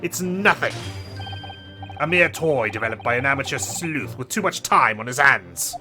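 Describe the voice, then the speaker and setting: A man's voice: medium pitch, sing-song, normal speed, close to an everyday voice. A man voicing a haughty aristocratic British prosecutor, reading game dialogue over background music. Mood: disdainful.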